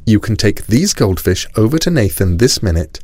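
A man's voice: lowish voice, very animated, normal speed, a little mellow, dry recording. A man voicing a prim, stern mother in a storybook reading. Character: stern proper mother, adult woman.

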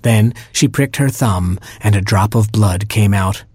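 A man's voice: fairly low pitch, a little slow, darkish tone, breathy edge, no room sound. A man reading a comic story aloud in a dry, wry storytelling manner.

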